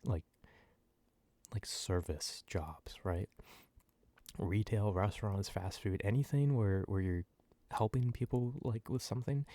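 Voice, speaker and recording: A man on a close microphone in a soft-spoken ASMR ramble, ranting loosely with lots of fillers and swearing, sometimes sinking to near whispers. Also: lowish voice, dry recording. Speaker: ASMR channel host.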